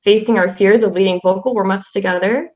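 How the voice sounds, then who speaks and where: A young woman who is class representative reads a tribute poem aloud in a soft, halting voice, using fillers between phrases. Her pitch is an ordinary middle range with fairly even intonation. The audio is slightly dull and lo-fi.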